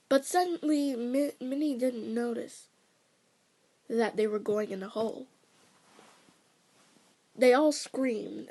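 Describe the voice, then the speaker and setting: A woman's voice: sits high, warm tone. A woman casually retelling a cartoon episode, rambling and self-correcting, with chatty asides. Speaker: storyteller.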